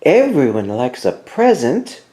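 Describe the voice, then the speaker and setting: A man voicing a small, eager male mouse in a storybook reading, with a high, playful squeak of a voice. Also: huge pitch swings, unhurried, warm tone. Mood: cheeky.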